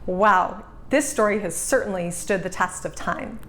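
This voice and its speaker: A woman narrating a children's storybook aloud, clear, gentle and expressive. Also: medium pitch, a little slow.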